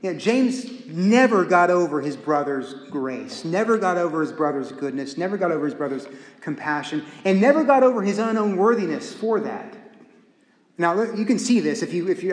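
A man preaching a sermon in an animated, folksy, humorous way, in a church sanctuary. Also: fairly high pitch. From Texas. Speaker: pastor. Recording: echoey hall.

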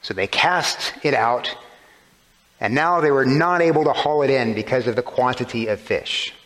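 A man preaches a sermon, working through scripture with rhetorical questions and shifting emphasis. His voice is medium in pitch and fairly bright, moving at a moderate pace, and the recording carries a long hall reverb.

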